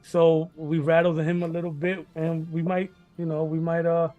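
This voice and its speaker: A man's voice: a little high, level tone, normal speed, darkish tone, highs cut off, faint music behind. A man hosting a casual sports betting chat, rambling, repeating himself, laughing and swearing often. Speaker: sports betting podcast host.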